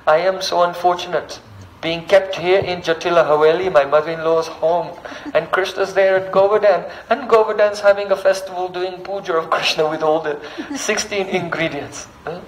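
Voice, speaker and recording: A man with a high voice and fairly even intonation gives a devotional sermon at normal speed, narrating a sacred story and reciting verses. He often checks in with listeners using a questioning "hmm?". The audio is poor, with a little hiss or hum.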